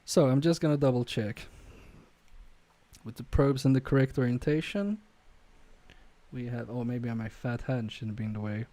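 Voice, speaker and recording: A man's voice: mid-range voice, fairly even intonation, moderate pace, pauses often, mellow, no room sound. A man streaming an electronics repair live, muttering to himself and joking with viewers about his own mistakes. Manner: muttering to himself and chatting to viewers, self-deprecating.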